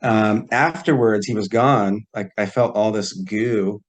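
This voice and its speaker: A man, a podcast guest, telling a personal story in a relaxed way and acting out the quoted dialogue. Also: on the low side, measured pace. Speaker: podcast guest, psychic healer. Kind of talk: casual storytelling.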